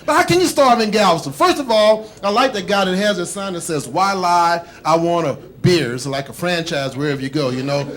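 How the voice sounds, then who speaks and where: High-voiced stand-up comic from Texas. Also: male voice, lively intonation, fast, few pauses, a bit bright. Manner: chatty, frequent "man" and "you know", crowd work. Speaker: stand-up comedian. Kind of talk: stand-up set. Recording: live comedy club with audience.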